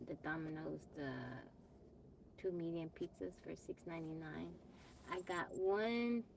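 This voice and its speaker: A woman's voice: on the low side, a little mellow, slight background noise. A woman from Texas hosting a casual livestream on her phone, chatting with viewers, greeting them by name and brushing off trolls plainly. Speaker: livestream host. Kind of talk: casual live-stream chat. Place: off-grid home.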